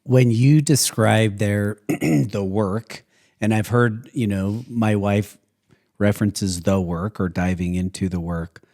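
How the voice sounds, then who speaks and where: A man hosting a podcast interview, asking measured, thoughtful questions. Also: on the low side, dark tone. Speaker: podcast host.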